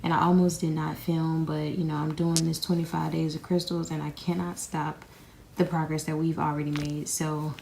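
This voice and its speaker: A young woman with a low, flat, gravelly voice talks to her viewers from bed. She is unwell and a little out of breath, rambling casually into a camera resting on the bed, with faint noise behind her. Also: moderate pace. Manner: rambling, addresses viewers as y'all. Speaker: crystal vlogger. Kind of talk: casual chatty vlog. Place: in bed in a bedroom. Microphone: camera sitting on the bed beside her.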